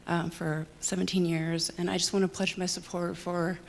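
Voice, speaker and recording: A woman's voice: lowish voice, flat delivery, a little fast, vocal fry. A woman, a nurse and veteran, giving public comment at a council meeting, nervous and emotional.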